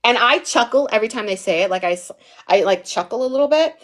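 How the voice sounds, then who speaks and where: Young woman, higher-pitched, chatty livestream teacher; playful, digressive, keeps checking in with "okay?". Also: animated, quick pace. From US East Coast. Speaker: online TV pitching instructor. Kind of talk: casual livestream lesson.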